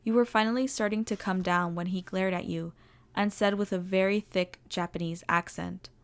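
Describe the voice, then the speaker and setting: A woman with a mid-range voice reads a story aloud in the second person. Her narration is expressive and animated. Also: medium pitch, normal speed, clear, resonant tone. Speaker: story reader. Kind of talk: fan fiction audio narration.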